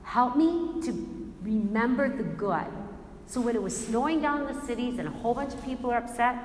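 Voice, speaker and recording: A woman's voice: on the high side, expressive, fairly quick. A woman giving a Christian faith talk, telling stories animatedly, acting out quotes and laughing often. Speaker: Christian speaker. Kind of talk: faith talk with personal storytelling. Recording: echoey hall with long reverb, faint ambience.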